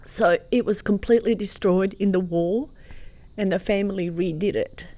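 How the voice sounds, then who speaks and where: In a casual storytelling interview on a podcast, a woman recalls a family story in a mid-range voice at ordinary speed, with no echo. Croatian was the language of her childhood in Croatia, where she was born. She tells it with emotion, lively and quick to laugh.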